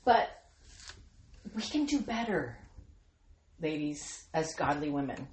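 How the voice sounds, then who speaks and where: A woman hosts a devotional podcast for Christian women, her voice sitting slightly low. She talks in an earnest, encouraging way and slips into playful voices for quoted lines. The sound is echoey, with a faint hiss underneath. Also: very animated, slow pace, a little mellow.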